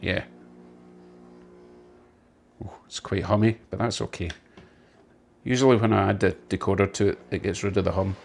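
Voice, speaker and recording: A man's voice: deep voice, steady tone, normal speed, vocal fry, long pauses, darkish tone, a little hiss or hum. Chatty, enthusiastic man at his train layout. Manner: chatty, enthusiastic, lightly self-mocking. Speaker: model railway hobbyist channel host. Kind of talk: casual commentary while running a model train.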